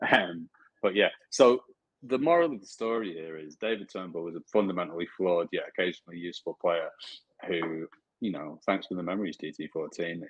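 Husky low-voiced man chatting football. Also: dry recording, lo-fi sound. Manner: animated storyteller, mimics fans in high voices, swears. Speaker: podcast co-host. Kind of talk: casual football chat.

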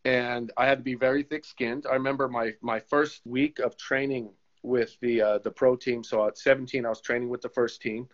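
Man, former pro goalkeeper and coach, animated storyteller; mid-pitched voice, slightly muffled recording. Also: moderate pace, hardly any pauses. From United States. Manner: animated storyteller who acts out quoted voices. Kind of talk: casual storytelling interview. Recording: slightly dull lo-fi sound.

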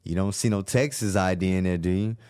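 A man telling a wild personal story in an animated way, acting out the voices of the people in it, swearing and laughing often. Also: low-pitched, brisk, smooth. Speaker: guest telling his story.

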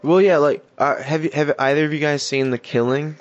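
A man's voice: fairly high pitch, steady tone, brisk, lo-fi sound. A man hosting a casual true-crime podcast, talking loosely with plenty of swearing and reading articles aloud with offhand asides. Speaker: podcast host.

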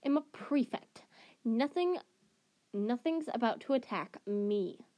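A pompous teenage boy prefect, stiff and self-important, lecturing younger students, as a woman reading aloud puts him on. He sounds stern and a little raised in pitch for a storybook. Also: animated, takes it slowly, dark tone. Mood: haughty.

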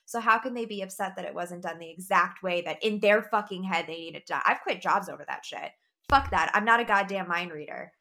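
Bright, forceful woman manager; blunt, profane casual talk. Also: fairly low pitch, fairly quick. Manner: blunt, swears freely, animated. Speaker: new manager. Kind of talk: casual chat.

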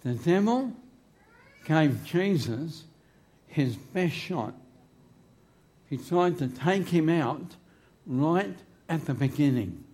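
A man's voice: a little high, animated, slow, pauses often, warm tone. A man preaching a sermon in church into a microphone, emphatic and humorous, drawing his phrases out. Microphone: handheld microphone.

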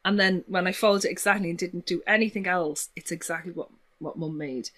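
A woman from Liverpool with a Liverpool accent, telling stories in casual chat, laughing often and swooping up in pitch. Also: a little fast. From Liverpool, England. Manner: animated storyteller, laughs often, voice swoops high in anecdotes.

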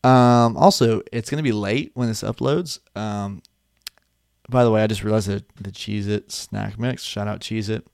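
A man's voice: lowish voice, normal speed, creaky, darkish tone, no room sound, clean studio sound. A young man chatting casually to his webcam at his desk, rambling and swearing with laughing asides. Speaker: vlogger. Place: room at a desk. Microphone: desk webcam setup.

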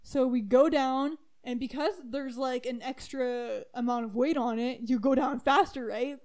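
A young woman telling a funny story in casual chat, animated and laughing, with lots of "like"s and squealing highs. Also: moderate pace. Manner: animated, laughing, squeals when excited, many "like"s. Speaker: storyteller co-host.

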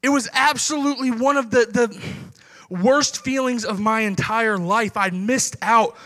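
High, bright-voiced male pastor telling a story. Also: unhurried, big-room sound. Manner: animated storyteller acting out quoted conversations. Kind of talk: sermon storytelling.

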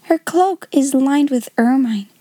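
A woman's voice: sits high, measured pace, dark tone, no echo. A woman voicing a jealous, superior older schoolgirl with a haughty, sneering tone.

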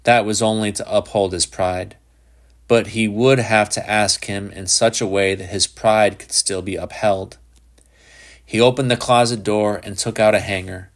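Male audiobook reader, lowish voice, measured literary narration. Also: steady tone. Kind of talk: scripted narration of a short story.

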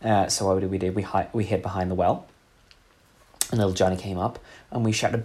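A man telling a deadpan comic story in a rambling way, with many fillers. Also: deep voice, a little fast.

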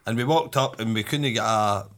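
A man's voice: lowish voice, normal speed, a bit bright. A Scottish man co-hosting a podcast, telling stories in loose, swearing, laughing casual chat. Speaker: podcast co-host.

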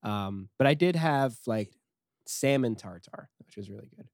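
A young man in easy conversation, his voice swinging up and down as he tells a story. He laughs often and slips into quick impressions of the people in it. The sound is dry and close. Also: medium pitch, no room sound. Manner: animated storytelling with laughs and acted quotes. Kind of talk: casual chat.

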